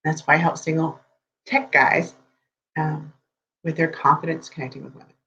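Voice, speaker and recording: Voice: mid-range voice, flat delivery, moderate pace, sharp tone. A dating coach giving chatty, rambling advice on a live stream, often checking in with the viewers. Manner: chatty, rambling, keeps checking in with "okay?" and "right?". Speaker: dating coach for tech men. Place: room with geek collectibles behind. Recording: dull lo-fi sound with faint hum.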